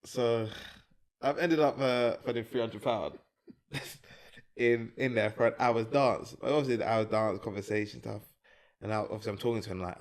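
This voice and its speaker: A man's voice: fairly low pitch, fast, gravelly. A man, telling a story in casual podcast chat and laughing through the punchlines. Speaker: podcast co-host.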